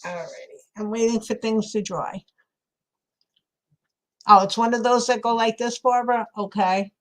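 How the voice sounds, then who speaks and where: A woman with a New York accent hosts a craft livestream and chats with her viewers as she works. Her voice sits a little high, and she laughs easily between chatty remarks. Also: steady tone, moderate pace. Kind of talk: casual chat while crafting.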